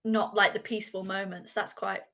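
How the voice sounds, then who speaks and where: A woman's voice: medium pitch, flat delivery, fairly quick, creaky, bright, forceful tone. A woman interviewing a medium in a casual chat, asking curious, friendly questions.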